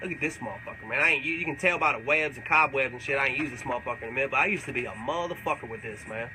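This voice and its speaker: A man's voice: medium pitch, rapid-fire, background noise, lightly acted. A man playing a profane, rambling, boastful older backwoods man in a live comedic question-and-answer. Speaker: comedic character.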